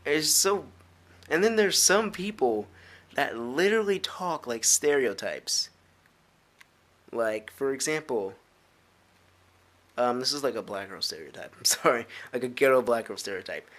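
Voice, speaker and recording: A man's voice: medium pitch, expressive, a little slow, pauses often, fairly bright tone. Rambling young guy, filler-heavy chat. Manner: rambling with many filler "like"s and restarts; giggly asides. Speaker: vlogger. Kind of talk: casual rambling vlog.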